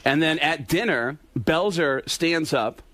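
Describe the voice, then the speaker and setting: A man telling stories on a talk show, animated and dropping into impressions of other people as he goes. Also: fairly high pitch, slow pace, dry recording. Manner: animated, slips into impressions of others mid-story. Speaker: impressionist guest. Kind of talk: casual storytelling on a radio talk show.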